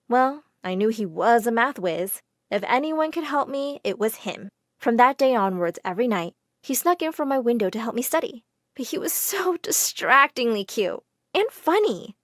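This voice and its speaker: Expressive woman telling a storytime. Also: on the high side, normal speed, dry recording, clean studio sound. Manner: expressive, dramatic first-person telling. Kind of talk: animated storytime narration.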